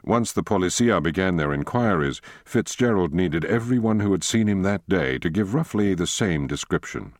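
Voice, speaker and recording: A man reading a thriller novel aloud as an audiobook narrator, in a measured, steady way. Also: deep voice, no echo, clean studio sound. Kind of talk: scripted narration.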